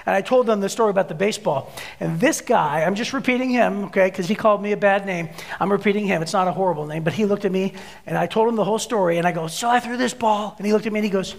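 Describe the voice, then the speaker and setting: A man in his forties delivers a sermon, spinning a personal story with animated, acted-out energy. His voice sits high for a man and carries a gravelly edge. The sound rings with long reverb, as in a large hall. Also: fast talker. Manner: animated storyteller, acts out his own shouts. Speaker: pastor.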